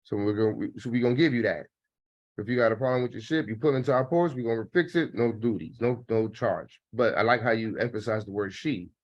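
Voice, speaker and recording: A man's voice: fairly low pitch, fast, muffled recording. A man leading a group call discussion, calling on speakers and commenting on treaty text. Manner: leads the floor, calls on speakers. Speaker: host.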